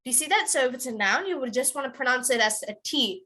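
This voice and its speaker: A woman teaching pronunciation to a class of kids, her voice bright and a touch high. She draws out each word slowly, repeats it again and again, then slips into quick explanations. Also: lively intonation. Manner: slow, drawn-out demonstration of word stress, repeats words many times; switches into quick Tamil asides.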